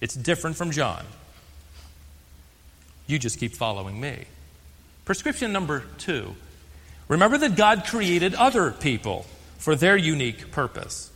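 Older American male pastor, sermon delivery, a bit high-pitched and very animated, long church reverb. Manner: emphatic, slows on key phrases.

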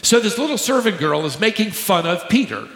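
Higher-voiced male pastor in an echoey hall. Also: very animated, creaky, fairly bright tone. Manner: emphatic teaching, slows to stress key words, joking with the congregation. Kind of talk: sermon. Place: large church hall with a live congregation. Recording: echoey hall, long reverb.

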